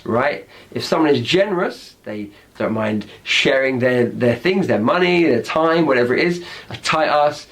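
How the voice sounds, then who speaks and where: A British man with a British accent explains slang words one by one, upbeat and explanatory. His voice sits a little on the high side. He keeps checking in with his listeners, asking "right?" after his points. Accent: British English. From Britain. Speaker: English slang teacher.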